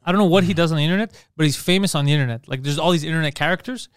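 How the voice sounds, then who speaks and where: A high-pitched man spins a rambling, crude story in loose podcast banter. He laughs often and puts on raised voices for the people he quotes. The sound is dry and close, with no room around it. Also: very fast, clean tone, no room sound.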